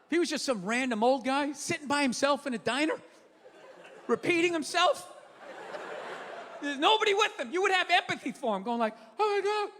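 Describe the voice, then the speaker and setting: A man performing stand-up comedy, ranting with profanity and loud outbursts. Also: very high voice, animated, brisk, pauses often, some chatter behind, a little hiss or hum. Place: comedy venue stage. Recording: live show in a large hall with audience.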